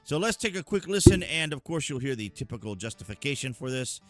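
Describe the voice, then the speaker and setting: A man hosting a political commentary channel, talking casually and emphatically, with frequent filler pauses. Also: medium pitch, sing-song, no room sound, soft background music.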